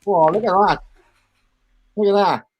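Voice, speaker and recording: A man with a high voice chats loosely on a video call, joking and testing out silly accents. A faint hiss of noise sits behind him. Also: a little slow, dull audio. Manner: jokey, tries silly accents. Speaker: guest. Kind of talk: casual chat on a video call.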